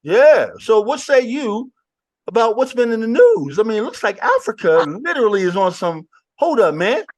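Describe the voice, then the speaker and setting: A man hosting a casual online panel chat, throwing out questions in an animated, hyped way. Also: sits high, normal speed. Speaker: host.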